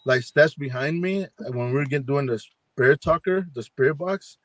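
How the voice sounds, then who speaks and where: Animated man telling a spooky story. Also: fairly high pitch, moderate pace, no echo. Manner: rambling, acts out quoted dialogue with many fillers. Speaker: paranormal investigator guest. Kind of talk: casual storytelling on a live chat.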